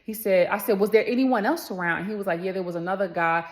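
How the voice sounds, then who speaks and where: Talking quickly in a medium-pitched voice, a woman tells a story to camera in a relaxed, chatty way. She addresses everyone as y'all and performs the characters' voices.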